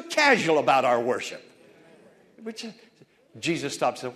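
Male pastor preaching, fervent, voice swoops all over, quiet storytelling then loud calls. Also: on the low side, sing-song, moderate pace. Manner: fervent, swings from hushed storytelling to loud exhortation. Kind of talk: sermon.

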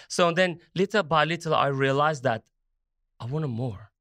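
A man in his forties with a bright, forceful voice tells his story as an interview guest. He talks in an animated way, slips into quoted dialogue and uses grammar. The recording is dry and close. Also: on the high side, normal speed, dry recording. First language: French. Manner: animated, acts out dialogue, non-native grammar.

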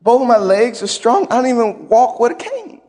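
Male pastor, high voice, long hall reverb; dynamic folksy sermon delivery, repeats lines for emphasis. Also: sing-song, moderate pace. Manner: emphatic, swings between loud and quiet.

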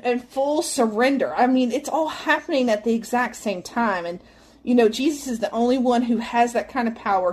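A woman's voice: high-pitched, a little mellow. A woman giving a casual devotional teaching, earnest and reflective, often adding "like" and small laughs. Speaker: devotional podcast host.

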